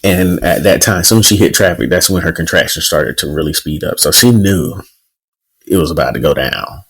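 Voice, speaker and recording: Man, very deep voice, podcast co-host, casual storytelling, fillers. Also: fairly quick, a bit bright, husky, low-quality recording. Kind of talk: casual chat.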